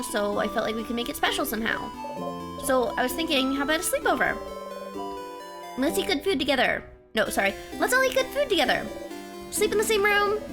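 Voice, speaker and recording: A woman's voice: high voice, voice pushed up. A woman voicing a cheerful, eager young woman friend in a game, bubbly and sweet, over game music. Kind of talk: reading game dialogue aloud.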